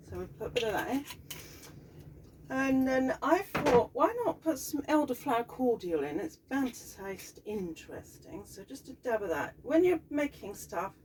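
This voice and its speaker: Woman, Southern English accent, chatty easygoing home cook with a higher voice, recorded from a distance in a kitchen. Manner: chatty, rambling, easygoing asides. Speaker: piano teacher and home cook. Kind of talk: casual cooking vlog. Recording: distant mic, faint background noise.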